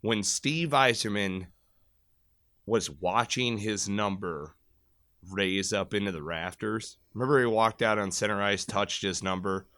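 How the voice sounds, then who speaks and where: A man in his thirties from Michigan, a podcast guest telling crude, loud, profane stories in a casual chat and bursting into shouted re-enactments. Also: on the low side, a little slow, no echo. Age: 30s.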